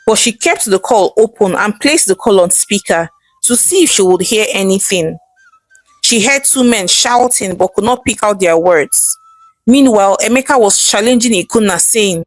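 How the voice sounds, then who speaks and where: A woman narrating a folktale in an expressive, measured storytelling manner. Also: medium pitch, no echo, soft background music, poor audio.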